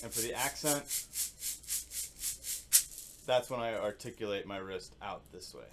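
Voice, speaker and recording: A man teaching percussion in a casual, relaxed way, thinking aloud and singing rhythms with syllables. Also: on the low side, unhurried, pauses often, faint music behind. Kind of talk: casual instructional demonstration.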